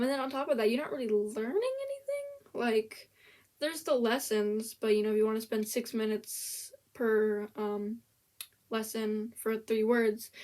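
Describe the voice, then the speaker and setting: A young woman vlogger reviews a language app in a fairly high, slightly mellow voice. Her casual commentary is a blunt, sarcastic rant; she swears freely and often restarts her sentences.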